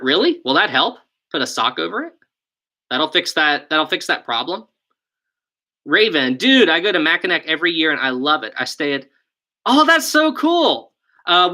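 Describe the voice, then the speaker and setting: A young man with a West Virginian accent and a sharp, fairly high voice hosts an easygoing live stream. He chats through viewer questions, reading and answering them while thinking aloud into a USB mic on his desk.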